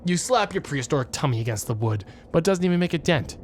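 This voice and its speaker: A man streaming a video game, reading the game text aloud with deadpan, jokey asides. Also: on the high side, fast talker, a little hiss or hum. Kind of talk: casual let's play commentary.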